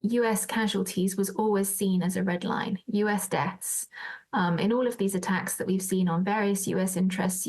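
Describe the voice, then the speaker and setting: A woman analyst answering in a news interview, thoughtful with frequent pauses and ums. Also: medium pitch, darkish tone.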